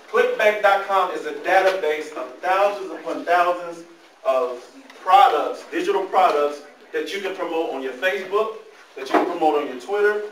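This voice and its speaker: A man gives an animated motivational talk to a young audience and keeps drawing them in with questions. His voice sits fairly high. It is picked up from a distance in a roomy, echoing space. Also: a little hiss or hum. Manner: animated storytelling, talks to the audience. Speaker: motivational speaker. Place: large room, speaking to a live audience. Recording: echoey room, mic far off.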